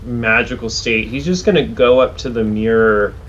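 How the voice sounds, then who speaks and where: A man's voice: medium pitch, normal speed, a bit bright, lo-fi sound. Rambling man playing a tabletop game. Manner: rambling, heavy use of "like". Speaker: player. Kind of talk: describing his character's actions in a tabletop game.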